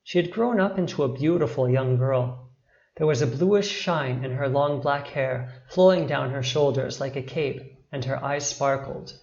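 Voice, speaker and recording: A man narrating a bedtime story at a medium pitch, slow and expressive, with dramatic swells. His voice is recorded in an echoey room with a slightly dull, lo-fi sound. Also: creaky.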